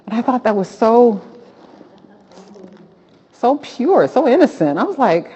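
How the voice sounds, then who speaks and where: A woman hosting a Christian talk, preaching with animated, rising exclamations. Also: lowish voice, moderate pace, long pauses, slightly rough. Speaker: host of a Christian talk show. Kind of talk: preaching-style Bible talk. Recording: dull lo-fi sound.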